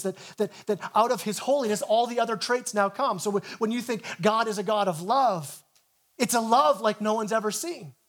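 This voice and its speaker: Pastor, male, light high voice, earnest sermon delivery, stammers into phrases. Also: a bit bright. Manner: earnest, stammers and repeats words at the start of phrases. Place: church.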